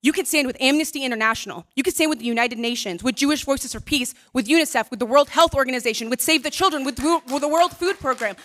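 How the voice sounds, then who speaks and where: A woman giving a forceful, pleading public comment at a city council meeting, asking rhetorical questions. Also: high voice, quick pace, hardly any pauses.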